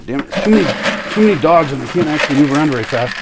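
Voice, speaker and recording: A man in a casual home vlog, talking to his dogs, coaxing them and calling them loudly at times. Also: on the high side, animated, fast, hardly any pauses, slight background noise. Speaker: vlogger.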